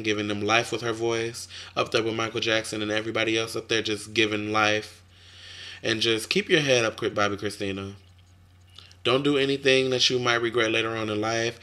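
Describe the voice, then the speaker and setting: A young man talking casually to camera as a vlogger, sassy and chatty, with drawn-out fillers. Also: fairly low pitch, pushed and bright.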